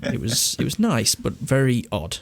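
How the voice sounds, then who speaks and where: A man's voice: mid-range voice, huge pitch swings, moderate pace, gravelly. A man hosting a food history podcast, chatting casually with lots of laughter and swearing. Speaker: podcast host.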